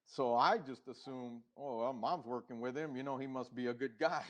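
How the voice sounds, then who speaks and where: A middle-aged man, a podcast guest, telling his own story in an unhurried, reflective way, with pauses and restarts, and acting out the past conversations. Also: medium pitch. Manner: acts out past dialogue.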